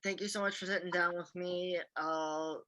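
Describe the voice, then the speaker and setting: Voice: mid-range voice, fairly even intonation, moderate pace, a loud crowd, poor audio. An interviewer in a casual interview, reassuring and supportive toward the guest.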